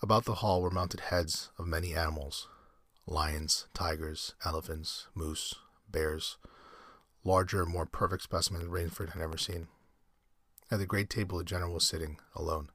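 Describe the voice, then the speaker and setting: Man, story reader, deep husky voice, dry sound, measured. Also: steady tone, fairly bright tone, no room sound. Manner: measured reading with occasional slips and self-corrections. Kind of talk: reading a short story aloud.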